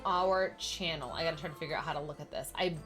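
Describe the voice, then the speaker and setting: A young woman with a somewhat low voice chats her way through a live game stream. She keeps talking straight to her viewers and answers them by name as she builds. Soft music plays quietly behind her. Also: fast. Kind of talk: casual live-stream chat while building in a life-sim game.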